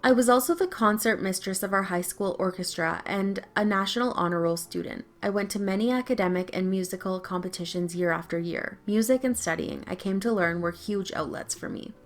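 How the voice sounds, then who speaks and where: A woman's voice: medium pitch, fairly quick, few pauses. A young adult woman reading an online story aloud with a wry, storytelling delivery. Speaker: story narrator.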